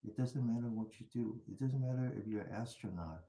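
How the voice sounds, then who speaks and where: An older man leads a mindfulness class in a loose, conversational way, telling stories and checking in with his listeners. His voice sits at a middle pitch, and the room around him rings with echo. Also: brisk, dark tone. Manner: chatty storytelling with frequent laughs and rhetorical "right?". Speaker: mindfulness teacher. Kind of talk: teaching a meditation class.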